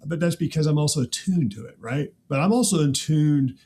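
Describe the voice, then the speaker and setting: A man who grew up in the Midwest, hosting a casual chat with an animated, laughing manner and frequent rhetorical asides. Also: fairly high pitch, fairly quick, a little hiss or hum. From American Midwest. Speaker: podcast host.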